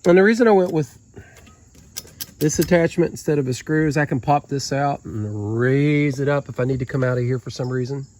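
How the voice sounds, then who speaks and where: A man's voice: mid-range voice, a little fast, darkish tone. Folksy man with an Appalachian twang. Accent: Southern Appalachian. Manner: folksy, joking, talking to viewers while working with his hands. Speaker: DIY boat-repair vlogger. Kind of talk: casual how-to narration while working. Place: outdoors beside a boat on the ground.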